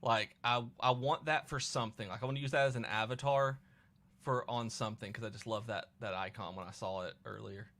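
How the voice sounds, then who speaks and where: A man's voice: mid-range voice, steady tone, a little fast, fairly bright tone. A young adult man hosting a livestream, chatting enthusiastically and casually while playing. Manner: enthusiastic, chatty, hums to himself. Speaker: livestream host. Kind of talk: casual gameplay chat.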